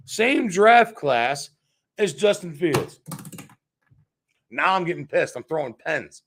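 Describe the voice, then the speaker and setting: A man hosting a sports show, ranting in a heated, profane, repetitive way. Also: high-pitched.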